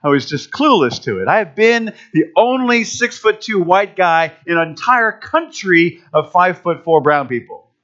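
A man's voice: high-pitched, sing-song, normal speed, a bit bright. A middle-aged man preaching a sermon as a pastor, telling a personal story in a conversational, anecdotal way. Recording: dull lo-fi recording.

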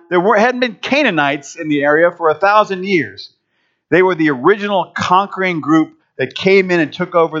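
Middle-aged pastor preaching through a personal story. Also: male voice, fairly high pitch, fairly bright tone. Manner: conversational, anecdotal storytelling. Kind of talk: sermon. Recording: dull lo-fi recording.

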